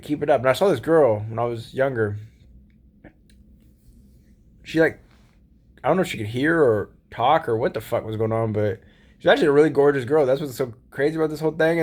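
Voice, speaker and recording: He's a solo vlogger with a mid-range, slightly mellow voice, talking fairly quickly through a casual late-night monologue. Rambling and profane, full of laid-back slang, he laughs often along the way.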